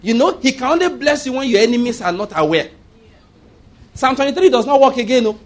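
A Nigerian man preaching a sermon as a pastor, lively, with frequent laughter and mocking asides. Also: very high-pitched, fairly quick.

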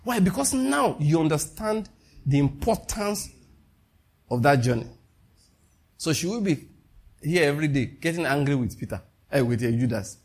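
A preacher delivers a sermon in a husky, slightly high voice. He keeps asking his listeners rhetorical questions and chuckles at his own jokes as he goes. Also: big pitch swings, moderate pace, pauses often, darkish tone.

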